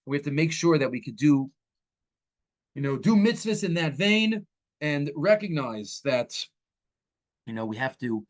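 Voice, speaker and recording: A man teaching a Torah class as a rabbi. He speaks animatedly and sprinkles Hebrew and Yiddish terms into his English. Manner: animated, acts out quoted speakers with swings in pitch.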